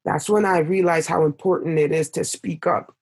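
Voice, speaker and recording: Young male guest, gravelly and a bit high, impassioned storyteller, rises when upset. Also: steady tone, normal speed, darkish tone. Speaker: podcast guest. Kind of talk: emotional storytelling in conversation.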